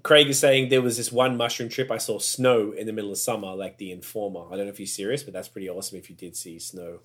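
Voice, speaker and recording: A man's voice: fairly low pitch, steady tone, fast, a bit bright. A young man hosting a casual chat, rambling and swearing.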